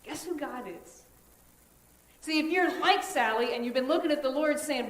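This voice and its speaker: Woman pastor preaching, high voice, talks to the room like friends, big pauses, echoey church. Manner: earnest, conversational preaching with dramatic pauses. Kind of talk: sermon. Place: church sanctuary.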